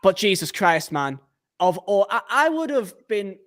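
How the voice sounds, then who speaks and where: A man hosting a casual football podcast, talking in excitable, punchy bursts. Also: high-pitched, unhurried. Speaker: podcast host.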